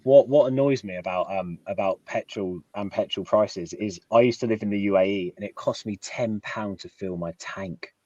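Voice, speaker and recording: A man's voice: on the low side, normal speed, few pauses, no room sound, muffled recording. A man hosting a casual fan stream chat, teasing the guests. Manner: teasing, animated. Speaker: host.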